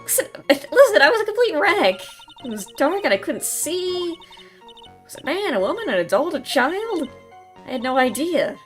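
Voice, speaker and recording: A woman's voice: high voice, big pitch swings, a little fast, faint music behind. A woman voicing a flustered, scatterbrained young female witness who rambles out frantic excuses.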